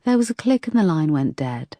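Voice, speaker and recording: Low-voiced woman narrating a thriller. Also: sing-song, brisk, warm tone, no room sound. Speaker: audiobook narrator. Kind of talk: scripted narration.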